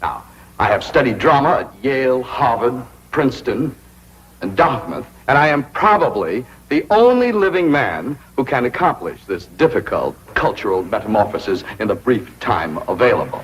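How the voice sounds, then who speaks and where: A man playing a pompous high-society dandy. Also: big pitch swings, moderate pace, close to an everyday voice, poor audio. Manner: pompous, theatrical, affected. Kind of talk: 1960s sitcom acting. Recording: hissy old TV soundtrack.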